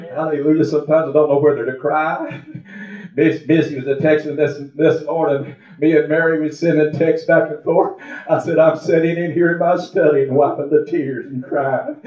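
Fervent older preacher, high voice. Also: male voice, normal speed, darkish tone, roomy sound, far from the mic, poor audio. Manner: fervent, sobbing and laughing through words. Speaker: preacher giving testimony. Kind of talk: emotional sermon testimony.

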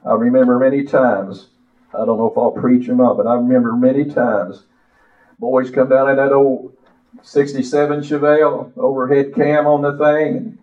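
An older man preaching a sermon, reciting a poem and telling his own story with impassioned, drawn-out phrases. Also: medium pitch, little pitch movement. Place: church. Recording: echoey, distant, dull church audio.

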